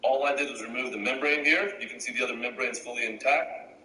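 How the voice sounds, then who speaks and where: A man putting on a very deep bragging muscleman, sharp-toned, echoey room from a distance. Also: steady tone, fast talker, a little hiss or hum. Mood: boastful. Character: gruff muscleman eating raw organs.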